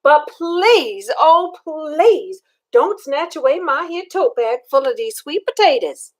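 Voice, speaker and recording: A clever little country girl from a storybook, pleading in an exaggerated, put-on way as an older woman reads her part. Her voice sits high and the delivery is unhurried. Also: sing-song, full character voice.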